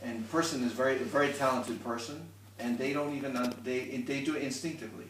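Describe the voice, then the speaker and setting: In this private violin lesson, the male instructor speaks fast in a steady, slightly bright medium-pitched voice, patiently showing techniques and starting over when needed. Heard from a distance in a roomy space, the audio carries a little hiss or hum.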